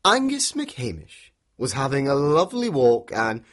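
A man narrating an interactive story for children, playful and animated, inviting listeners to join in with actions and sounds. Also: mid-range voice, normal speed.

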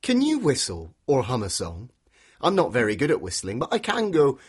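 A man narrating an interactive story for children, playful and animated, inviting listeners to join in with actions and sounds. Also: mid-range voice, normal speed, slightly rough.

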